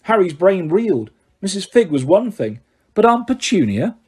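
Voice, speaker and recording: A man reading a novel aloud in a measured storytelling manner. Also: high voice, big pitch swings, a little mellow, breathy edge. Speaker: audiobook reader. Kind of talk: novel narration.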